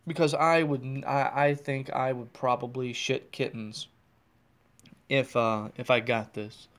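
Rambling, excitable male podcast host. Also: medium pitch, unhurried. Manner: rambling, self-deprecating, excitable. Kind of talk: casual solo podcast. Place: in a car on the road.

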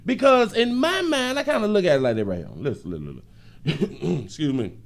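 A man hosting a live stream, reacting to a video in loud, laughing, animated street talk. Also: a little high, a little fast, gravelly. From Florida. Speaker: show host.

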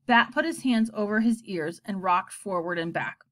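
Expressive woman reading a children's book. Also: mid-range voice, normal speed. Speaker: narrator. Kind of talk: audiobook narration of a children's book.

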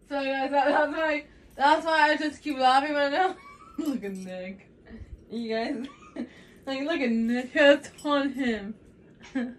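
Super high-pitched girl vlogging, giggly and hyped, talks slow, phone's sitting a bit away from her. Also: distant mic. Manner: giggly, excitable, keeps saying "you guys". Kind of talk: casual phone vlog. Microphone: phone set down nearby.

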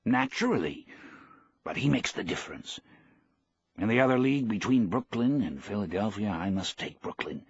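A man voicing a gentle old fisherman. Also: lowish voice, animated, moderate pace, husky, dry recording, muffled recording, heavily acted. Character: elderly poor male fisherman, proud and gentle.

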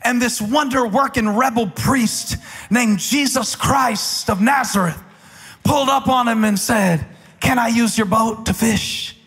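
A man preaching a sermon as pastor, building from quiet talk to impassioned shouting. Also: very high voice, measured pace, slightly rough. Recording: large hall with long reverb.

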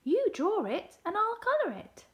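A woman voicing a cheerful, helpful paintbrush in a storybook, with a high, excited, sing-song voice. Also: slow, slight background noise, exaggerated voice.

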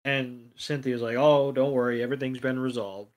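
Man, podcast co-host, sardonic, swears, casual chat, mid pitch. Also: level tone, moderate pace.

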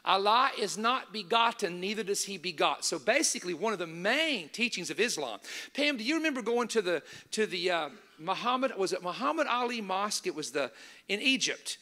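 Male preacher, high voice, bright tone, emphatic, repeats key points. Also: lively intonation, brisk. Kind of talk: sermon.

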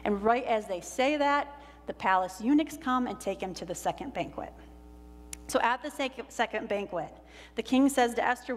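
A woman pastor preaching in a church sanctuary, her somewhat high voice carried by a long hall reverb. She tells the story with animation and slows down for the dialogue. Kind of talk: sermon retelling a Bible story.

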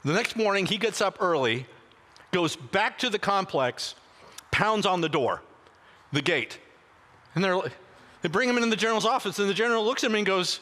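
Bright-voiced preacher in a reverberant church. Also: male voice, high-pitched, moderate pace, long pauses. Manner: animated anecdotal retelling with frequent restarts. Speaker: pastor. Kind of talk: sermon storytelling. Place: church sanctuary. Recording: long reverb of a church hall.

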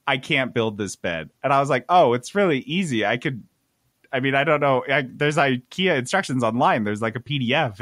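A man on a podcast telling a story casually, animated and exasperated, swearing freely. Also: medium pitch, no echo, clean studio sound. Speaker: podcast host.

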